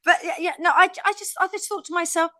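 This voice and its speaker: A woman with a high, light voice co-hosting a relaxed Bible discussion. She thinks aloud and wonders about the text, with dry sarcastic asides, recorded close and dry. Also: fast talker, dry recording. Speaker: podcast co-host.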